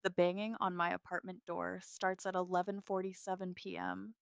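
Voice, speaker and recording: A woman narrating a first-person story in a cool, measured way. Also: fairly low pitch, level tone, gravelly, clear, resonant tone, dry recording, studio quality.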